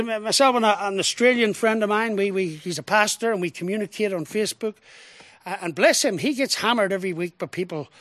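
A man preaching a sermon as pastor, expressive, with rhetorical questions, swinging from emphatic lines to hushed ones. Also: high-pitched, no room sound.

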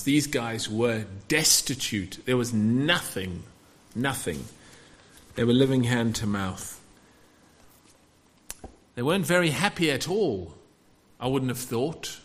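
A man preaching a sermon, asking the congregation rhetorical questions in an animated way. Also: mid-range voice.

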